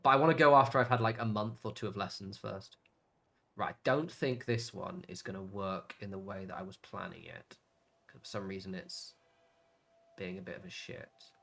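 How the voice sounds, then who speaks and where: A young man with an English accent chats casually while streaming a game, rambling through filler words and cheerful swearing. His voice sits a little low but sounds bright and forceful. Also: fairly even intonation, normal speed, gravelly. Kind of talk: casual chat while gaming.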